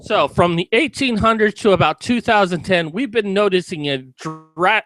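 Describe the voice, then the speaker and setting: A man with a high, sharp voice rants through an angry commentary, swinging between sarcastic explanation and shouted, profane outbursts. The sound is close and dry, with no room around it. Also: no room sound. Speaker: video commentator.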